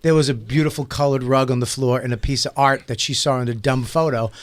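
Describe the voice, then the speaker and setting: A man guesting on a comedy podcast, telling animated stories with quick laughs in casual chat. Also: mid-range voice, a little hiss or hum.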